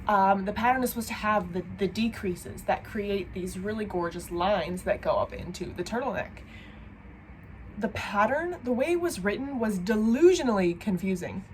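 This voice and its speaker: A woman's voice: mid-range voice, expressive, normal speed, slight background noise. Chatty, foul-mouthed woman with a cold. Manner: chatty, profane, self-deprecating. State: has a cold. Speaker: knitting vlogger. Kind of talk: casual chat. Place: home, seated.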